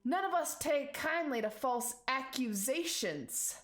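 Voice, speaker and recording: A woman voicing Turetsky, a stern, indignant male thug in a tabletop game, speaking slowly and pointedly. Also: sits high, animated, a bit bright, voice pushed up.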